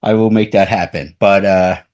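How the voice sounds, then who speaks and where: A man's voice: sits low, fairly even intonation, normal speed, darkish tone. A man hosting a radio interview, chatting casually and rambling through his questions. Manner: rambling, full of fillers and restarts. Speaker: radio show host.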